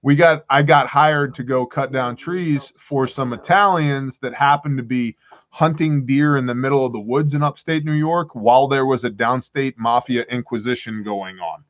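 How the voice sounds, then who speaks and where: A man hosting a livestream, telling an animated story and laughing often as he acts out the other people's voices. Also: medium pitch, normal speed. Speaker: prepper channel host. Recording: dull lo-fi livestream audio.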